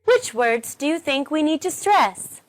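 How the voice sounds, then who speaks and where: Woman English teacher, high voice, very expressive, slow and clear, encouraging. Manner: encouraging, deliberate modelling of stress. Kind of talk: recorded online lesson.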